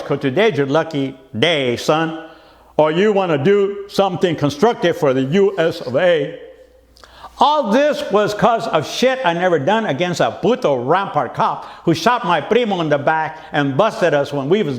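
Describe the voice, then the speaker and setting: A man performing a dramatic spoken-word monologue in streetwise slang, moving quickly between voices. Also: high voice, reverberant. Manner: streetwise slang, swift shifts of voice.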